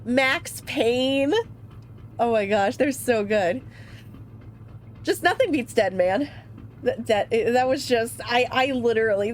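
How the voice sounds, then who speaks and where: Giggly, high-voiced woman streamer. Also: slight background noise. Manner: animated, giggly, gushing. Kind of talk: casual game-stream commentary.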